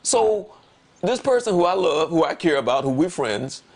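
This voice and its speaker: A man in relaxed conversation on a talk show, telling a personal story. He leans on words and repeats them for emphasis. When he acts out what he said, his voice leaps up animatedly. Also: fairly high pitch, a little fast. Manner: animated, voice jumps up when quoting himself. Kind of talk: casual conversation.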